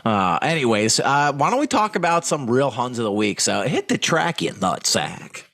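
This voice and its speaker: A man's voice: mid-range voice, very animated, moderate pace, a bit bright. A man co-hosting a comedy podcast, talking crudely and rambling, often laughing. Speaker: podcast co-host. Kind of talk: casual comedy chat.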